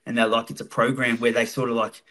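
A man's voice: medium pitch, little pitch movement, fast, pushed and bright. An Australian man telling stories casually as a podcast guest, swearing freely. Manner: swears freely, laid-back. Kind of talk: casual storytelling.

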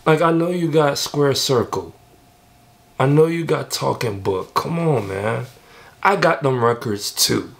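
A man giving excited, emphatic casual commentary while reacting to a song. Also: medium pitch, a little slow, creaky. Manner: excited, emphatic, repeats himself. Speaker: music reaction vlogger.

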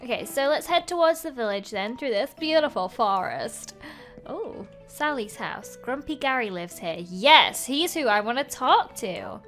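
A woman's voice: high-pitched, expressive, moderate pace, pushed and bright, soft background music. A woman in her twenties giving bubbly, playful commentary while playing a video game. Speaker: gaming video host. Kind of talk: gameplay commentary.

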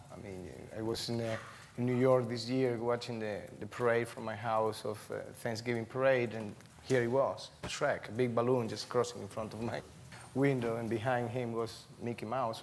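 A man's voice: mid-range voice, flat delivery, normal speed, few pauses, in a large hall, a little hiss or hum. Reflective man with English. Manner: reflective, laughs while telling stories. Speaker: cast member interviewee. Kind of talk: conversational interview.

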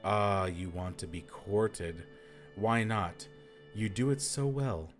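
A man's voice: lowish voice, takes it slowly, soft background music. A man reading the part of a scheming male emperor, coaxing and mocking.

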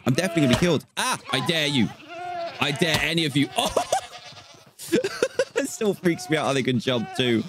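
A man giving excitable Minecraft gameplay commentary, laughing often and talking to the game's animals. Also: fairly high pitch, normal speed, long pauses, very noisy. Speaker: gaming YouTuber.

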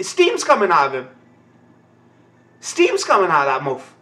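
A young man giving a live anime reaction, excitable and ranting, swearing constantly. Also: high-pitched, normal speed. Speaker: anime reaction channel host.

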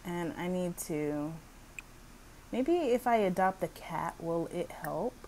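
A woman talks through her video game in a casual commentary, blunt and easily exasperated, with swearing dropped in. Her voice sits on the lower side and she speaks at an unhurried pace. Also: lively intonation, a little mellow, a little hiss or hum, poor audio. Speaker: gaming video creator.

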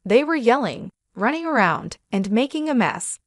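A woman reading a first-person story aloud as narrator, in a steady, even storytelling manner. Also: fairly high pitch, normal speed, dry recording, clean studio sound.

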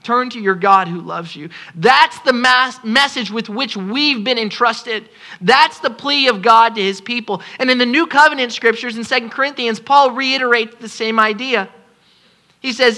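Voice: medium pitch, moderate pace, pushed and bright. A pastor preaching a sermon at a congregation service, impassioned and pleading, repeating phrases for emphasis.

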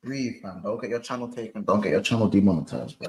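A man's voice: fairly low pitch, quick pace. A man ranting as a football fan, swearing and repeating the same phrases again and again. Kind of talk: exasperated reaction rant. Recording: roomy clip with faint noise.

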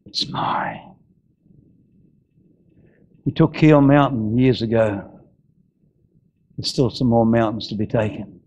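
A male pastor preaching a fervent sermon, shouting and then dropping to low, intense exhortation. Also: a little slow, long pauses, highs cut off.

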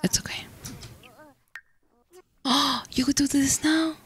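A woman's voice: high-pitched, steady tone, takes it slowly, a bit bright. A young woman casually commenting on her gameplay, chatting to the characters on screen and often dropping into whispered asides. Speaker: gaming channel host.

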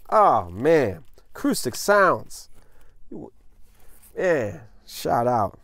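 A man's voice: mid-range voice, sing-song, extremely slow, vocal fry, a bit bright, no room sound, studio quality. A man hosting a casual unboxing vlog, effusive and enthusiastic, who keeps saying "man" as he shows off a new record. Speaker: vinyl unboxing vlogger.

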